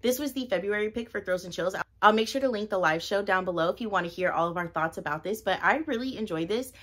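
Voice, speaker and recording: A woman's voice: mid-range voice, quick pace, fairly bright tone. A woman doing a casual reading wrap-up vlog, talking in a bubbly, gushing way and repeating words for emphasis. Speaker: book reviewer.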